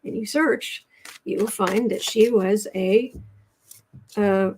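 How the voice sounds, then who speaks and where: A woman's voice: mid-range voice, fairly even intonation, takes it slowly, a little mellow, slight background noise. A woman from the United States hosting a casual tarot livestream, chatting and restarting her sentences as she reads cards and chat. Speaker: tarot reader livestream host.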